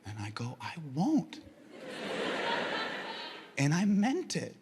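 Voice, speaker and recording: A man's voice: fairly high pitch, wildly swooping pitch, slow. A male stand-up comedian telling a story animatedly and slipping into playful mock voices. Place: comedy stage with a live audience. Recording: loud crowd, noisy stage mic.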